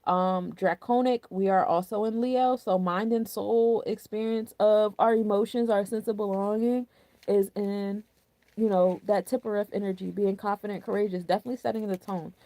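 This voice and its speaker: A young woman talks through a spiritual forecast in a relaxed, chatty way, full of slang and easy fillers. Her voice has a gravelly, fry-tinged edge with a dark, mellow tone. The sound is dry and close, with no room echo. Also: medium pitch, normal speed. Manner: chatty and candid, with loose slang and frequent "like". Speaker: astrology and numerology host. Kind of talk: casual spiritual forecast talk.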